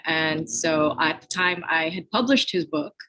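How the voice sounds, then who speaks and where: A woman's voice: low voice, a little slow, pushed and bright, poor audio. A woman from the Philippines answering interview questions earnestly about her spiritual work. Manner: earnest, spiritual talk with fillers. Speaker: podcast guest.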